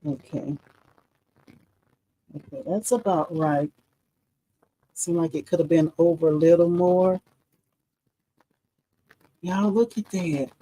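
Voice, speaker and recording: Woman, middle-aged, lower voice, friendly craft-stream host who laughs and chats with viewers. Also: slow, pauses often, warm tone, low-quality recording. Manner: chatty, addresses viewers as y'all, laughs often. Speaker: embroidery livestream host. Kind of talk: casual live demo chat.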